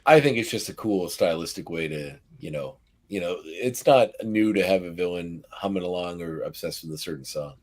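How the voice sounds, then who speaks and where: A Canadian podcast host with a Nova Scotian accent chats loosely and meanders, full of fillers and restarts. His voice is low with lively intonation, at a normal speed with few pauses.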